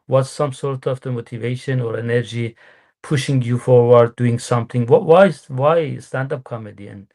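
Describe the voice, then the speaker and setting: A male podcast host with a mid-pitched voice who asks questions haltingly. He often pauses and restarts as he searches for the right words. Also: darkish tone. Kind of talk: interview questions.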